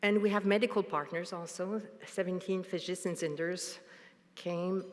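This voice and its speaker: A woman giving a conference presentation, speaking haltingly with frequent restarts. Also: fairly low pitch, fairly even intonation. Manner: halting, restarts, light laughs. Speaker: panel presenter. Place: large conference hall. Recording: long hall reverb.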